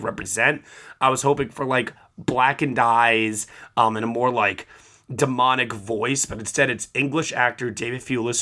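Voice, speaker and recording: A man hosting a podcast, giving a rambling, animated film review full of fillers. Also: mid-range voice. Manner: ranting, animated, many fillers. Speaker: podcast host. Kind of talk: casual film review chat.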